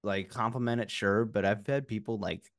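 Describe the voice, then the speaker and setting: A man's voice: on the low side, fairly even intonation, normal speed. A man co-hosting a podcast in casual chat, laid-back and laughing a lot, swearing freely. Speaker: podcast co-host.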